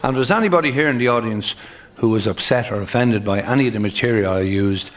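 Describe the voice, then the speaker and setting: An Irish man, a stand-up comedian telling football jokes who laughs at his own punchlines and slips into quick voices for his characters. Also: on the low side. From Ireland.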